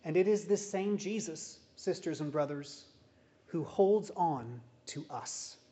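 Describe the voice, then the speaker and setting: A man preaching a sermon as a pastor, in a measured, deliberate way with emphatic pauses. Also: on the high side, animated, dark tone. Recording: dull, muffled sound.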